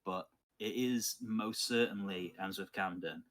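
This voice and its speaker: Deep slow guy narrating a d&d game, lots of uhs and pauses. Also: fairly bright tone. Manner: unhurried, thoughtful, with many filler pauses. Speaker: game master.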